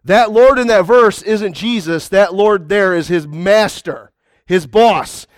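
A man's voice: sits high, takes it slowly, no room sound, clean studio sound. A man preaching a conversational sermon to a congregation, often calling out to the crowd. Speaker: pastor.

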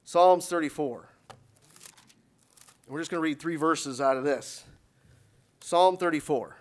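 Here the preacher's voice sits a bit high for a man as he gives his church sermon. Between stories and slow scripture readings, he presses his listeners with rising, emphatic calls to praise that grow into loud exhortation.

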